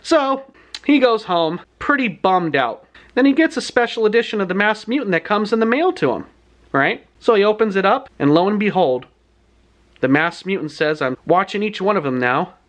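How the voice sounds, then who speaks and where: Animated, chatty male book reviewer. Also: high-pitched, normal speed. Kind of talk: casual story retelling.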